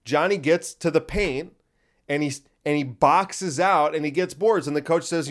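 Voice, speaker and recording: A man's voice: fairly high pitch, a little slow. Worked-up young man ranting profanely. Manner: excitable, profane, rambling pep talk. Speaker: podcast host and stand-up comedian. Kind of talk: casual solo podcast monologue.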